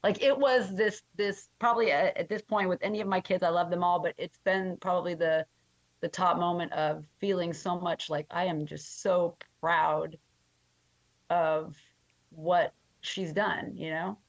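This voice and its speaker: A new grandmother telling a heartfelt story in casual podcast chat, with many halting restarts. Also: fairly low pitch, steady tone, no echo, dull audio. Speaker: guest.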